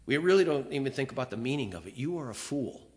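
Preaching a sermon, this male pastor reads scripture aloud with feeling, shifting from booming emphasis to hushed, quiet confession. He speaks at a quick pace in a mid-range voice that stays animated.

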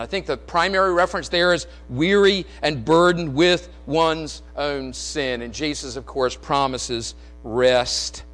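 A man preaching a sermon in an earnest, storytelling way, rising loud and dropping quiet. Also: fairly high pitch, low-quality recording. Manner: earnest, storytelling, swings between raised and hushed delivery.

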